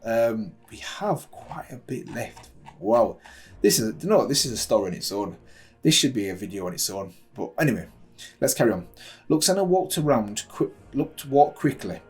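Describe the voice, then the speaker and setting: A man's voice: mid-range voice, very animated, normal speed, a little mellow, husky, soft background music. A man hosting a reaction channel, reading a story aloud and breaking off for casual, enthusiastic asides.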